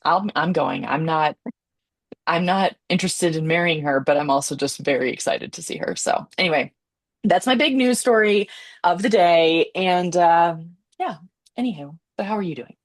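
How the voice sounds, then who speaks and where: Chatty woman co-host, low and dry. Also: dry recording. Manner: chatty, giggly, rambling storyteller. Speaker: podcast co-host. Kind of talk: casual chat.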